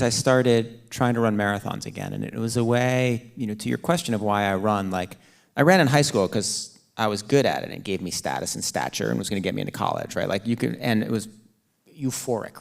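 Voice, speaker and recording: A middle-aged man, an author and runner, telling animated stories in an onstage conversation, often adding "like" and "right?". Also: on the low side, gravelly. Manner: animated storytelling with frequent "like" and "right?". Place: auditorium stage.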